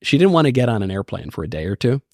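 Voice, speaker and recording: Lively joking man on a dry mic. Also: fairly low pitch, rapid-fire, creaky, dry recording. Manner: lively, joking, lots of restarts. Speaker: podcast guest. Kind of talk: casual chat.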